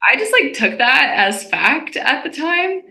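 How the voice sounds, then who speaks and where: A woman in her twenties hosting a podcast, sharing her own story in casual chat and quick to react with sympathy. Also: high voice, big pitch swings, creaky, sharp tone. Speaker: podcast host. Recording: echoey room.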